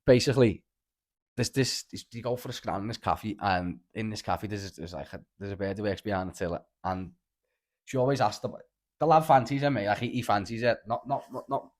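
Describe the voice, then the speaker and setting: A man's voice: on the low side, brisk, a little mellow. A man with a Liverpool accent hosting a casual podcast, telling rambling, sweary stories and saying "lad" constantly. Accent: Liverpool (Scouse). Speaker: podcast host. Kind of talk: casual chat, storytelling.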